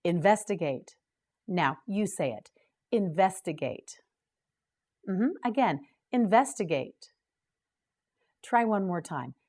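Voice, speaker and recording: A woman hosting a scripted English vocabulary lesson, slowly and clearly drilling each word for learners to repeat. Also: lowish voice, lively intonation, darkish tone. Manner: slow, clear drilling of words. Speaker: English teacher and host.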